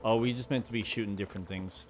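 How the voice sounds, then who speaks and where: A man's voice: on the low side, steady tone, fast talker, background noise. A man streaming a co-op video game, joking and swearing casually as he plays. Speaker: gaming streamer. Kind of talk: casual gameplay commentary. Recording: voice over game music. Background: game music.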